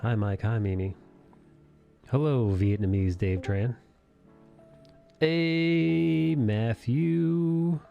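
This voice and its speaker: A man hosting a relaxed live chat while he draws, reading viewer messages aloud and swearing casually. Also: mid-range voice, drawn-out words, creaky, pauses often, dull audio, soft background music.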